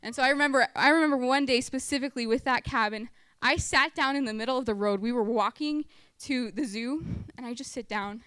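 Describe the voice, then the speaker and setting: Young woman, high bright voice, chatty church testimony, dry close sound. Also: fairly quick, clean tone, dry recording. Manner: chatty storytelling, full of "like", acts out quotes. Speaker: former camp counselor sharing testimony. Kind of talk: personal testimony talk at church.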